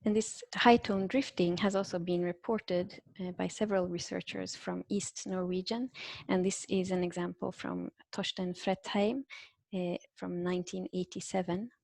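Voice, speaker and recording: A woman presents a research talk over a video call. She pauses on fillers and restarts her phrases, and a gravelly edge runs through her voice. The mic is close and dry. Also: on the low side, fairly even intonation, darkish tone, dry recording. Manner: hesitant, many fillers and restarts. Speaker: invited linguistics speaker. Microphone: computer microphone on a video call.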